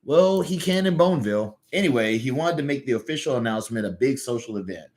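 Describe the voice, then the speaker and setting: A man's voice: medium pitch, lively intonation, fast talker, darkish tone, natural voice. A man with a Southern US accent voicing an earnest, good-natured little male cartoon hero telling a story.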